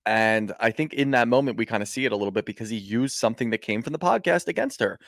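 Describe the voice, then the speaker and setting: A man's voice: mid-range voice, animated, quick pace, vocal fry, a bit bright, dry recording, clean studio sound. A man co-hosting a casual recap podcast, rambling, profane and exasperated. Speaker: podcast co-host.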